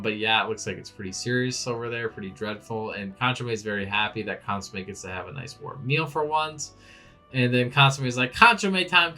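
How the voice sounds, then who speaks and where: A man hosting a manga reaction, recapping a chapter in casual chat and acting out the characters' lines. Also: medium pitch. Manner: animated, acts out characters' lines with laughs.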